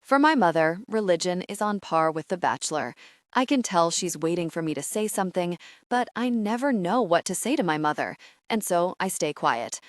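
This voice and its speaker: A woman's voice: on the low side, big pitch swings, normal speed, no room sound, clean studio sound. Wry woman narrating a romance audiobook. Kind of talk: first-person audiobook narration.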